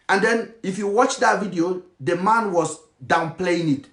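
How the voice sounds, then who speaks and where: A man's voice: sits high, a little fast, hardly any pauses, fairly bright tone, echoey room. A Nigerian man speaking in a passionate monologue, mixing in Pidgin phrases. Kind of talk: impassioned monologue.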